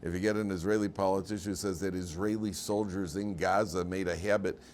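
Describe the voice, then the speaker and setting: A man's voice: deep voice, steady tone, a little fast, darkish tone, slight background noise. A man teaching a weekly class as rabbi, speaking conversationally with humor and quizzing his students in a classroom. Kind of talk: informal lecture.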